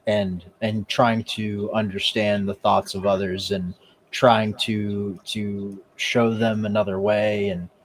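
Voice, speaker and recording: A man talking on a live stream, halting and repeating words as he speaks. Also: lowish voice, flat delivery, a little hiss or hum, low-quality recording. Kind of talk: casual live-stream talk.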